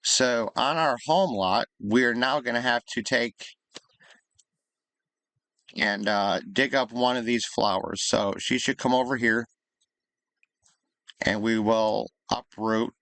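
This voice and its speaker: A man's voice: medium pitch, takes it slowly, pauses often, fairly bright tone, no echo. A man casually commenting on his life-sim gameplay, thinking aloud in an easygoing, chatty way. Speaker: gaming YouTuber.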